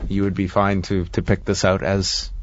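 A man's voice: low voice, completely flat delivery, normal speed, dull audio, slight background noise. A man co-hosting a podcast, giving a casual play-by-play recap of wrestling matches with dry, sardonic asides. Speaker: podcast co-host reviewing wrestling.

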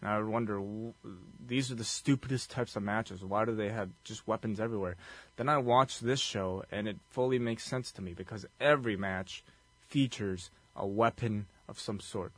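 A man's voice: on the low side, moderate pace, no echo. Laid-back rambling man, dry sound. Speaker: podcast co-host. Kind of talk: casual recap chat.

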